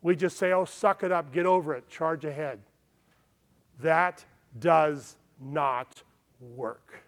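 A man's voice: fairly high pitch, takes it slowly. A man pastor preaching a sermon in an earnest manner, often checking in with his listeners. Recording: long hall reverb.

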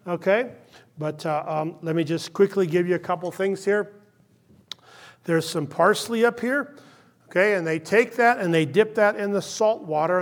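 A male pastor preaching a sermon, impassioned and then hushed, checking in with "okay?" often. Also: high voice. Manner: impassioned, drops to hushed tones, frequent "okay?" check-ins.

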